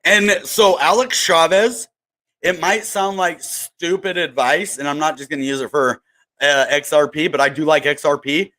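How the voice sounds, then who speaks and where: A man's voice: fairly high pitch, steady tone, normal speed, bright, forceful tone. Rambling man chatting on a livestream. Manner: rambling, full of fillers and asides; greets and thanks viewers from the chat. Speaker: crypto YouTuber. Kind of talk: casual livestream chat.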